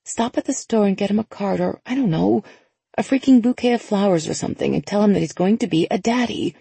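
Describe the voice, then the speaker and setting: A woman narrating a first-person novel in a lively, conversational inner-monologue manner. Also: mid-range voice, a little fast, vocal fry, husky, dry recording. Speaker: audiobook narrator.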